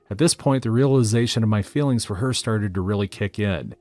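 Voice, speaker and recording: A man with a fairly low voice narrates a first-person story in scripted form. He reads it steadily and matter-of-factly, keeping an even tone. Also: brisk, hardly any pauses, soft background music.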